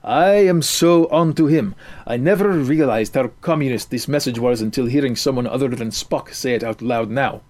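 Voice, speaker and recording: A grumpy, know-it-all teenage boy who complains in a steady, pedantic drone, as a male storyteller voices him. His voice stays close to the storyteller's own. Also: medium pitch, normal speed, close to an everyday voice. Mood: grumbling. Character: grumpy, nerdy 13-year-old boy musician.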